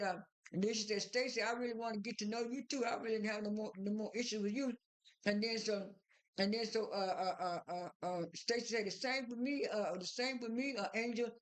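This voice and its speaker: A woman casually recapping a reality TV episode, rambling through many fillers and restarts as she retells the cast's lines. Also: medium pitch. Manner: retells dialogue in an informal voice.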